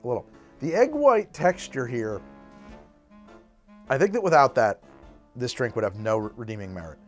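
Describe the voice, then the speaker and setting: At a moderate pace and medium pitch, a man mixes and tastes drinks on his cocktail show, talking casually with soft music behind him. His chat is lively and meandering, with sentences that trail away and get restarted.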